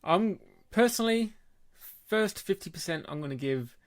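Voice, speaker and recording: A man co-hosting a casual podcast chat, chummy and quick to laugh. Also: high voice, expressive, no room sound. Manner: chummy, laughs often, calls people mate. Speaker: podcast co-host.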